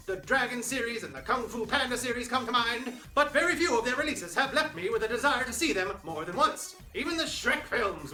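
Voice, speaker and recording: A man's voice: extremely high pitch, pushed and bright, echoey room, low-quality recording. A man hosting a film review show, reading a scripted review with wry, sarcastic asides.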